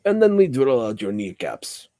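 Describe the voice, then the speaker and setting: A man's voice: medium pitch, big pitch swings, moderate pace, dark tone, voice pushed up. A man voicing a brash, fiery male dragon with a put-on Russian accent and clipped, boastful phrasing. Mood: menacing boast.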